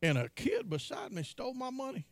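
A gravelly male preacher with a lively, swooping delivery. He tells stories from the pulpit and jumps into a higher voice whenever he quotes someone. The sound is dry and close. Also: fairly quick, no room sound. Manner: storytelling, acts out quotes in a high voice. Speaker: pastor. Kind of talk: sermon.

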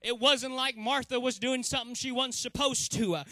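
A man preaching a sermon, filling pauses with "uh" and swelling to shouted emphasis. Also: very high-pitched, steady tone, no echo.

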